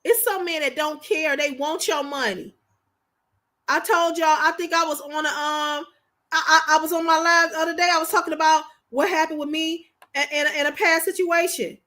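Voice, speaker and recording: A woman's voice: high voice, steady tone, normal speed, pushed and bright. A woman hosting a livestream, talking casually and emphatically, often repeating herself for effect. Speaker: livestream host.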